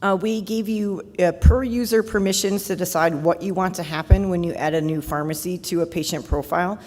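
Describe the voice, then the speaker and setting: A woman presenting software updates at a conference, talking fast and upbeat, her voice a little hoarse. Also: lowish voice, fairly even intonation. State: voice going hoarse. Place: large conference hall. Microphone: handheld or podium mic. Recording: reverberant conference hall.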